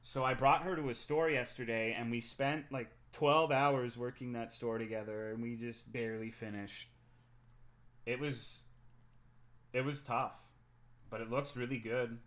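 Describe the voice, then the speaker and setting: Young guy streamer rambling about his day, bright voice, swears a lot, gets loud when hyped. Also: mid-range voice, measured pace. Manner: chatty storytelling, frequent swearing, animated when excited. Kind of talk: casual chat.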